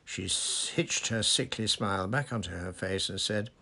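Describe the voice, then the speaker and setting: Gravelly low-voiced male narrator. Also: moderate pace, few pauses, sharp tone. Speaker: audiobook reader. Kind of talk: storybook narration.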